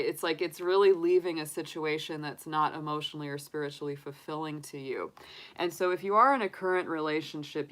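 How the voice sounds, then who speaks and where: A woman giving a live tarot reading in a chatty, animated way, laughing often between points. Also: sits low. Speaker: tarot reader.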